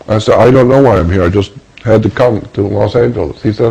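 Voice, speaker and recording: A man from Florida telling a personal story in the first person, halting and repeating words as he searches for them. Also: on the low side, vocal fry, warm tone, husky, low-quality recording. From Florida, USA. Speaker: storyteller recounting a personal experience.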